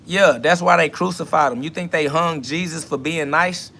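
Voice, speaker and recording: A man's voice: fairly high pitch, brisk, sharp tone. A man hosting a live self-talk podcast, talking bluntly and profanely in a preachy way while answering chat comments aloud.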